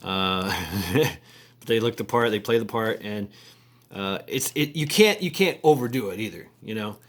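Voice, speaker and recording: Man, low voice, casual vlog talk, halting, lots of fillers, crude slang. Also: a bit bright. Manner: halting, many repeated words and fillers. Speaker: vlogger. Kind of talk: rambling casual talk to camera.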